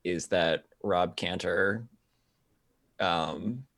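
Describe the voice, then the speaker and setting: A young man with a fairly low voice tells a story on a live-streamed podcast. He talks casually and animatedly and breaks into laughter often. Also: very slow, creaky, a bit bright. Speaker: podcast co-host. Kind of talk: casual chat.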